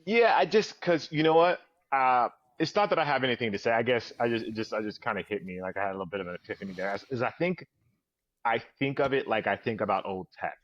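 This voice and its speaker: A man's voice: medium pitch, quick pace, no echo, muffled recording. A man co-hosting a podcast in casual chat, rambling and correcting himself. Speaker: podcast co-host.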